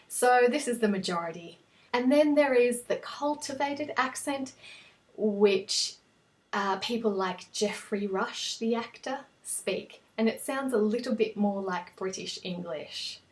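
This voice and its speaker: A woman with a general Australian accent, explaining an English lesson in a clear, patient, step-by-step way. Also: fairly high pitch, unhurried. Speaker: English teacher.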